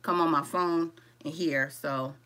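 Her voice is deep and a little slow. She hosts a live crochet-along tutorial in a casual, chatty manner, calling viewers "y'all", welcoming them by name and reading out what they comment as she works.

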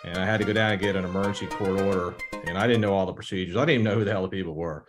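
A man's voice: low-pitched, fairly even intonation, rapid-fire, over music. A man in his fifties, an attorney, telling casual courtroom stories with frequent chuckles and acted-out quotes. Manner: chuckles often, acts out quoted dialogue. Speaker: attorney guest. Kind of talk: casual anecdotal storytelling.

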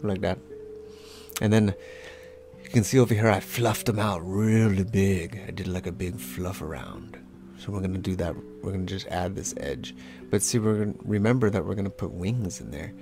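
A man's voice: sits low, moderate pace, creaky, music in the background. A man leading a casual draw-along lesson, talking as he draws, playful and rambling with self-mocking asides. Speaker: drawing instructor.

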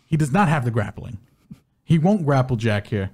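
A man's voice: mid-range voice, normal speed, husky. A man co-hosting a podcast, chatting casually and loosely, with plenty of slang. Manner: loose, animated, uses slang. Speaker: co-host. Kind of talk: casual betting podcast chat.

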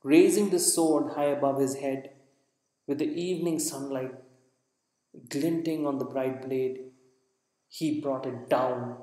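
A man's voice: medium pitch, steady tone, dark tone. Man narrating in a very echoey room. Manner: measured reading with occasional slips and restarts. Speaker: audiobook narrator. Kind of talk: dramatic narration.

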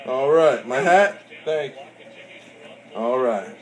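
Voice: mid-range voice, lively intonation, very slow. A parent counting workout reps aloud in a playful, teasing way during a home video. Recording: echoey room.

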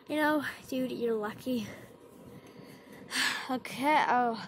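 A woman's voice: on the high side, takes it slowly, long pauses, slight background noise. A young woman vlogging at home in her bedroom, playful, dropping to whispers and breaking into squeals. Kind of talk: casual vlog, spying on her cat.

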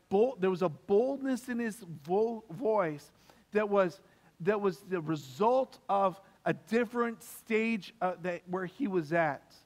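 A man preaching a sermon as pastor, emphatic and repeating key phrases for stress. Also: high voice. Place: church hall. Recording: long reverb of a church hall.

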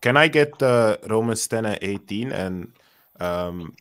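Relaxed man running a Bible study, plain voice, easygoing. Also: on the low side, measured pace. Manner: laid-back, calls for verses, says "you know, man". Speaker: leader of the scripture study session. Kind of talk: casual religious discussion.

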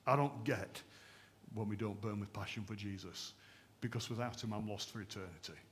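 A man preaching a sermon at a church service, impassioned and emphatic, swinging between raised fervent lines and hushed ones. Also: fairly low pitch, moderate pace, slight background noise. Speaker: pastor.

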